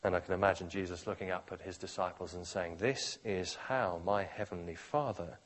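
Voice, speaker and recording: A man preaching a sermon, dramatically shifting between quiet, slow phrases and loud, forceful ones. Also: low-pitched, steady tone.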